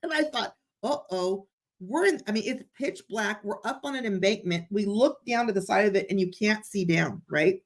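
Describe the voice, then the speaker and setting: A woman chatting as a guest, telling a story in an excited, animated way. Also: medium pitch, normal speed. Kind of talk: casual chat.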